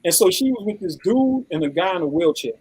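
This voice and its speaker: A man's voice: sits high, fairly quick, husky, poor audio. A man, telling a story in casual chat and acting out the people in it. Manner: animated, acts out quoted voices. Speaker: podcast co-host.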